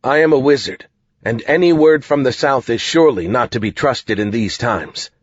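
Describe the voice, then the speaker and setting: A man's voice: medium pitch, normal speed, breathy edge, no echo, lo-fi sound, natural voice. A man playing a bold young wizard. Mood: firm.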